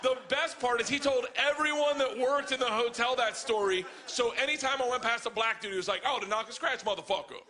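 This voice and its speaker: Bright-voiced man doing profane stand-up. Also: very high-pitched, a little fast, hardly any pauses. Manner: profane, animated, acting out voices. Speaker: stand-up comedian. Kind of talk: stand-up storytelling. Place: comedy club stage.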